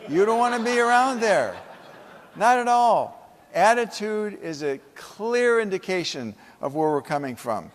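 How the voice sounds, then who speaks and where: A man's voice: high-pitched, very animated, a little slow. Man giving a keynote in an echoey hall. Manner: storytelling, humorous, emphatic. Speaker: keynote speaker. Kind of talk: motivational keynote speech. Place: conference hall.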